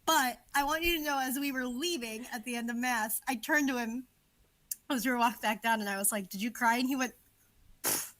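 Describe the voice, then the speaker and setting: A young woman with a high voice co-hosts a casual podcast. She chats in an expressive, animated way and reacts with lots of energy. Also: fairly quick. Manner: animated, expressive, laughs often. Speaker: podcast co-host. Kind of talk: casual chat.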